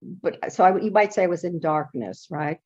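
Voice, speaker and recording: An older woman being interviewed on a podcast, talking in an animated, emphatic way and laughing often. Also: fairly low pitch, moderate pace. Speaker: therapist guest. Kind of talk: interview conversation. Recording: dull lo-fi sound.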